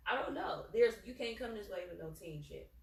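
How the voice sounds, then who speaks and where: Profane, gravelly-voiced woman telling a story. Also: mid-range voice, a little fast, over a noisy crowd. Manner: profane, animated storytelling, acting out both sides. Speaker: podcast co-host. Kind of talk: casual storytelling chat. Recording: echoey room, distant mic, faint ambience.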